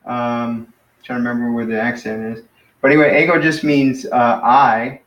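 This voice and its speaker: A man teaching a Greek class in a relaxed, hesitant way, with many fillers. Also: mid-range voice, moderate pace, reverberant, muffled recording.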